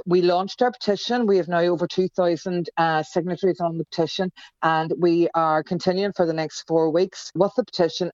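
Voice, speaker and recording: An older woman with a Derry accent, answering as a campaigner guest in an earnest, steady manner, listing her points. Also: sits low, no room sound, highs cut off. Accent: Derry, Northern Irish. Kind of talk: podcast interview.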